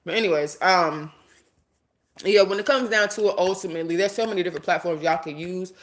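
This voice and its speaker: Ranting bluntly on a livestream, a woman from the United States addresses her viewers and chat directly, swearing freely in an animated way. Her voice is on the low side and a little fast.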